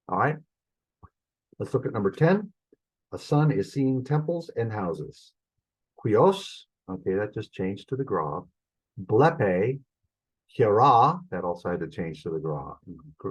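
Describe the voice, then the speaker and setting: A man's voice: on the low side, slightly rough, poor audio. A middle-aged man teaching a Greek lesson, thinking aloud as he works through examples and stops to correct his own mistakes. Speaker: Greek instructor. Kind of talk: recorded classroom lesson.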